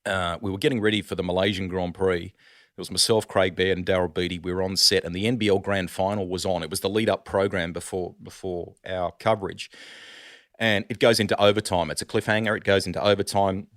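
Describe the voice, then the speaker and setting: A middle-aged Australian man telling animated stories in a casual podcast chat, calling the host "mate" a lot. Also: deep voice, fairly quick, no echo, studio quality. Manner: animated storyteller, says "mate" often. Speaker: sports broadcaster, guest.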